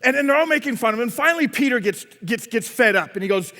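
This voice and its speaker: A man's voice: very high voice, lively intonation, fast, sharp tone. A male pastor preaching a sermon, telling the story dramatically and acting out scenes, recorded in a church with long reverb. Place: church sanctuary.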